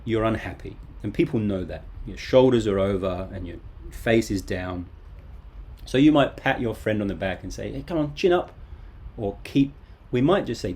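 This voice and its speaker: A man's voice: lowish voice, darkish tone, husky. A man in his thirties teaching a live online English lesson from home, casual and chatty with joking asides.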